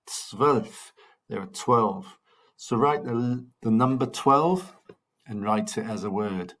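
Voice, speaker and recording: A man teaching a recorded German lesson, drilling numbers slowly and patiently with cheerful encouragement to his pupils. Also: mid-range voice. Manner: slow, patient drilling with repeated counting. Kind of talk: recorded language lesson for children.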